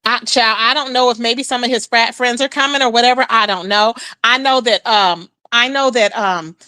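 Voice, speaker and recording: A woman's voice: on the high side, normal speed, sharp tone, clean tone, no echo. A woman hosting a casual gossip livestream, chatting with her viewers and calling them "child" and "baby.". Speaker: livestream host.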